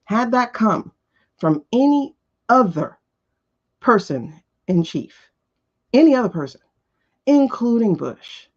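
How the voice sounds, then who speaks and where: A woman's voice: fairly high pitch, big pitch swings, slow pace, long pauses, a little mellow. A woman hosting a live tarot show, talking casually and bluntly, firing off repeated rhetorical questions with profanity. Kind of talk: casual opinionated talk on a livestream. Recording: dull lo-fi livestream audio.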